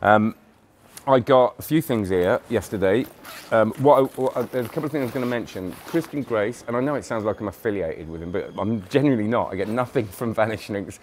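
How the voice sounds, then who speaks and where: Tired rambling man, low voice. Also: slight background noise. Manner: rambling, enthusiastic, many fillers and restarts. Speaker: magic product reviewer. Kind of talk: casual vlog chat. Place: magic convention hotel.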